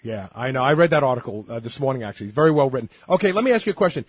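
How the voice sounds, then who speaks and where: A man hosting a radio show, putting brisk, enthusiastic questions to a guest. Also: medium pitch, expressive, slightly rough, dry recording. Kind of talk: interview questions and show sign-off.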